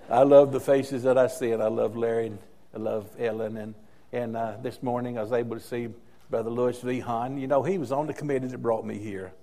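A man's voice: medium pitch, warm tone. An older man preaching a sermon as interim pastor, telling stories and repeating key phrases for emphasis.

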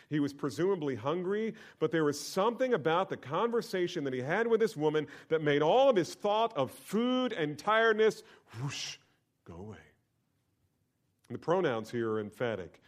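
A male pastor preaching a sermon, asking rhetorical questions and moving from quiet lines to emphatic ones. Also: a little high, very animated, moderate pace.

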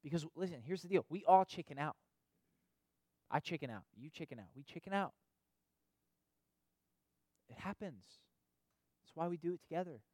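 A man's voice: fairly high pitch, animated, moderate pace, long pauses, a little mellow, no echo. A man preaching a sermon in a conversational way, often asking "right?" and repeating himself for emphasis. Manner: conversational preaching, frequent "right?" tag questions and repetitions. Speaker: pastor or youth leader.

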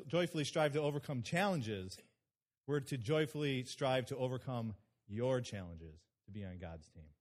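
High-voiced animated male preacher. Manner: animated, acts out quoted people. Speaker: pastor. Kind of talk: sermon with storytelling.

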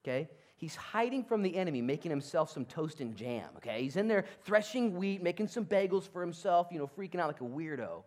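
A male pastor preaching a sermon in a church, conversational and animated, swinging between loud and hushed. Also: a little high, a little fast, few pauses. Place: church sanctuary.

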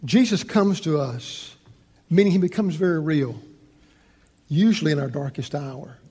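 A man preaching a sermon as pastor, animated and acting out the people in his story. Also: on the high side, a little slow, breathy edge. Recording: long hall reverb.

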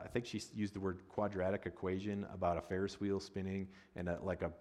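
A middle-aged man preaching a sermon as a pastor, conversational and humorous with loud excited bursts. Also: sits low, quick pace, long reverb tail.

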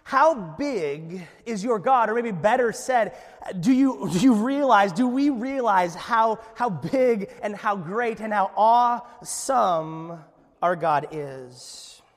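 A man preaching a sermon in a church, telling a story with lively energy and frequent restarts. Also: high-pitched, takes it slowly, big-room sound. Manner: animated storytelling with many restarts. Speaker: pastor.

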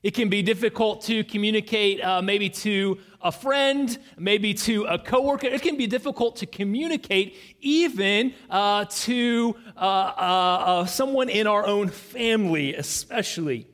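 Slow-talking pastor guy, lots of uhs and restarts, long echo in a big hall. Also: sits high, a bit bright. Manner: earnest, with frequent fillers and restarts. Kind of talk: sermon. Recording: long reverb in a large hall.

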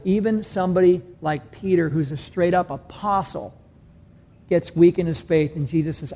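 A man's voice: high voice, moderate pace, vocal fry, dark tone. A man preaching a sermon as pastor, earnest and repeating key phrases for emphasis. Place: church sanctuary.

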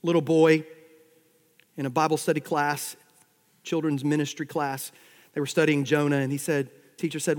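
A man preaching a sermon with wry humor. His loudness swells and drops suddenly as he drives his points home. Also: a little high, level tone, moderate pace, pauses often, in a large hall. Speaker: pastor.

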